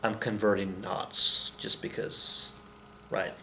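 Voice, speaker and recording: Male history teacher, bright voice, digressive and self-correcting, recorded in an echoey room. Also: on the low side, flat delivery, slow pace, slight background noise. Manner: rambling, self-correcting, joking asides. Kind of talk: recorded classroom lecture. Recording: roomy echo with faint ambience.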